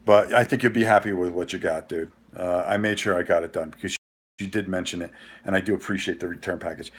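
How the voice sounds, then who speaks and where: A man hosting a casual live vlog, telling a rambling, animated story with frequent restarts. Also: deep voice, fast talker. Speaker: host.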